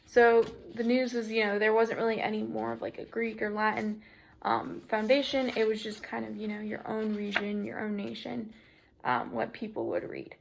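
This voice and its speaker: A woman's voice: on the high side, moderate pace, vocal fry, slight background noise. A young woman giving a casual student presentation, chatty and full of "you know" and "like" fillers. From United States.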